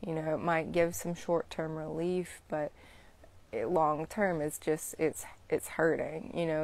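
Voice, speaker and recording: A woman's voice: low-pitched, gravelly, darkish tone. A young woman chatting casually to viewers about energy healing, rambling with lots of "you know" and "like". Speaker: Reiki practitioner hosting a live stream. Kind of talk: casual spiritual chat to viewers.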